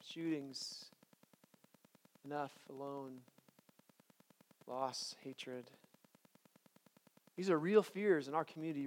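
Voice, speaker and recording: High-voiced man preaching in chapel. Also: a little mellow. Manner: conversational, repeats and restarts words, builds to emphatic declarations. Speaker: chapel speaker. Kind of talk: sermon.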